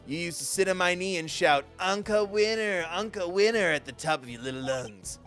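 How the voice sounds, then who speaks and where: A man voicing a sentimental, doting old committee chairman with a wistful, grandfatherly, drawn-out delivery. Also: fairly high pitch, sharp tone, faint music behind. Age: older.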